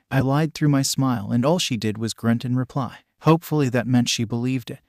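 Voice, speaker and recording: A man's voice: mid-range voice, a little fast, hardly any pauses, a little mellow, no echo, studio quality. A man narrating a first-person fan-fiction story in a casual, conversational storytelling way.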